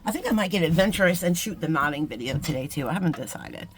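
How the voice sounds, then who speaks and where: Woman vlogger, middle-aged, a bit low-pitched, casual and chatty while beading. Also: animated, quick pace, slight background noise. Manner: chatty, self-deprecating, talks to viewers as friends. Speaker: jewelry-making vlogger. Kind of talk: casual craft tutorial chat.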